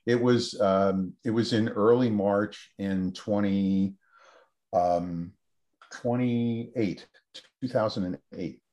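Guy w a lowish voice telling a story in an interview, does the voices of the people he quotes. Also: slow pace, dark tone. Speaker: researcher guest.

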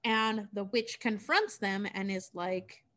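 A woman's voice: medium pitch, takes it slowly, a bit bright. Chatty, foul-mouthed woman retelling a story. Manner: chatty, profane, filler-heavy. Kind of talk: casual story recap.

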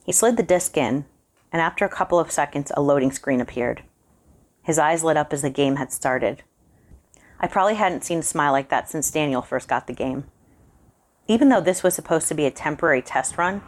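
Low-voiced woman reading a horror story. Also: fairly quick. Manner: calm first-person narration.

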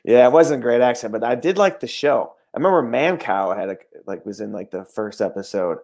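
A man, an actor chatting in a loose, halting way, often stopping to search for words. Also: medium pitch, animated, gravelly, a little mellow. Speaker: actor and podcast guest. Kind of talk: casual comedic chat.

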